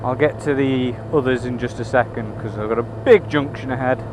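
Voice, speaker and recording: A motorbike vlogger cruising through town talks casually and briskly into his helmet mic in a medium-pitched voice. Expletives and wry asides come easily, over a backdrop of engine and road noise.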